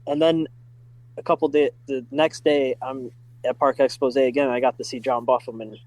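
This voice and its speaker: A middle-aged man telling stories in a casual podcast chat, full of fillers and excitement. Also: mid-range voice, moderate pace, no room sound, low-quality recording. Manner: enthusiastic, many fillers like "like" and "uh". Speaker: podcast guest, driving school staff. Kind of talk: casual storytelling.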